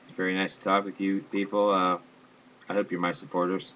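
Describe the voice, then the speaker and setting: A man rambling to his viewers in a halting monologue, full of fillers and restarts, airing grand complaints earnestly. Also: low voice, little pitch movement, pushed and bright, slight background noise, low-quality recording. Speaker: vlogger.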